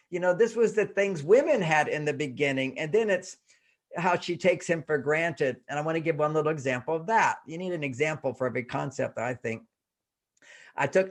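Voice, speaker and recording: Male guest author, brightish higher pitch, chatty and animated, slips into acted quotes. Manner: animated, laughing, acts out quoted speech. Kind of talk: casual interview talk.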